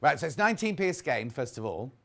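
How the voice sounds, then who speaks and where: A man's voice: mid-range voice, big pitch swings, fast, gravelly, a bit bright. A man presenting a live TV shopping show, chatting casually and reading out viewer messages. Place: TV studio.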